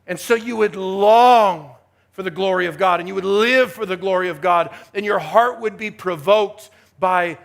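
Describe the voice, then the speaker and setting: A man delivers a chapel sermon in a high, gravelly voice. He preaches emphatically, dropping to hushed asides and building to rising exhortation. His voice keeps a rough, creaky texture throughout. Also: normal speed. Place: university chapel.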